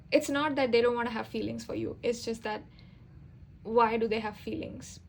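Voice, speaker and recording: A young woman with a fairly high voice gives a casual tarot reading, talking in a chatty, rambling way. She fills gaps with little fillers and stops to correct herself as she goes. Faint noise sits behind her voice. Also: fairly even intonation, moderate pace, vocal fry, a little mellow, rough recording. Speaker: tarot reader.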